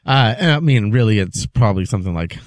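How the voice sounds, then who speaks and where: Low, laid-back man chiming in. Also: expressive, quick pace, no room sound, studio quality. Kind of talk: casual chat.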